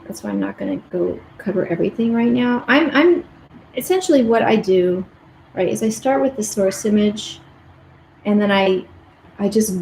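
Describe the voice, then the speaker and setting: A woman's voice: medium pitch, creaky, a little mellow. Woman art teacher, chatty and rambling, live painting stream, roomy room with faint hum. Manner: chatty, rambling, with many restarts. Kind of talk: casual live-stream chat while painting. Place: home art studio.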